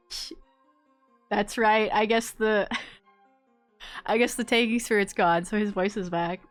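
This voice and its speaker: A woman's voice: medium pitch, slow, soft background music. A woman game streamer chatting casually, reacting aloud and laughing while she plays. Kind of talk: casual gameplay commentary.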